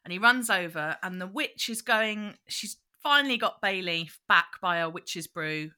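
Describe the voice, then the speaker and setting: Woman co-host, bright and animated, casual recap talk. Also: medium pitch, unhurried. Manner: animated retelling, bursts into quoted voices. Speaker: podcast co-host. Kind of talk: casual chat recapping a children's show.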